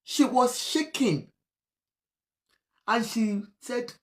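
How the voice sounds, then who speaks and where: A woman with a Nigerian accent giving emotional video commentary, pleading and at times shouting. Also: on the high side, lively intonation, unhurried, pauses often. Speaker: online commentator.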